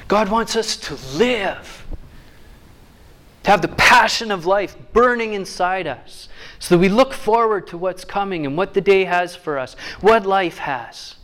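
A man with a fairly high voice preaching a sermon. He reads scripture in slow, weighty phrases and then slips into easy, joking asides. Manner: reads scripture slowly, then jokes warmly with the crowd.

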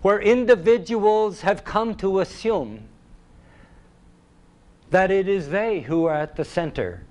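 A man preaching a sermon in a deliberate, emphatic way, repeating key phrases for weight. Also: fairly high pitch, darkish tone.

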